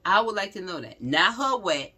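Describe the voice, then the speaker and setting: A woman's voice: medium pitch, moderate pace, slightly rough. A woman giving blunt, slangy true-crime commentary straight to her viewers, repeating phrases for emphasis. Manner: talks straight to viewers, animated. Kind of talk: casual spoken commentary.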